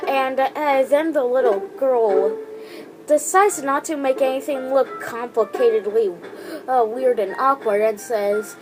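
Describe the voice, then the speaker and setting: A woman's voice: sits high, slow pace, rough recording. A woman hosting a casual countdown video, talking hesitantly with many fillers and restarts. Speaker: video host. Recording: music playing behind the voice.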